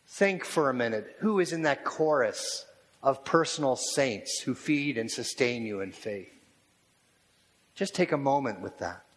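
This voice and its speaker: A man preaching a sermon as a pastor, talking in a slow, measured and reflective way and posing repeated questions to his listeners. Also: mid-range voice. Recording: long reverb of a large hall.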